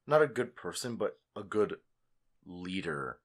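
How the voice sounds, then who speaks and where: Slow, low-voiced podcast co-host. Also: male voice, sing-song. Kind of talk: casual chat.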